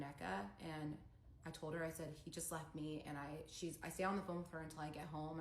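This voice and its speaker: A woman tells a personal story earnestly, reading text messages aloud, her voice pitched somewhat low. The clip sounds echoey, with a faint hum of background noise. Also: fairly bright tone.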